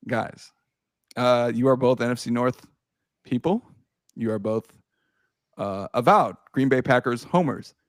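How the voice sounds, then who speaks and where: Speaking at a measured pace and pausing often, a man in his thirties hosts a podcast in casual chat. His storytelling is animated, with big swings, laughing, swearing, and shouting at the highs, all captured in studio quality without echo.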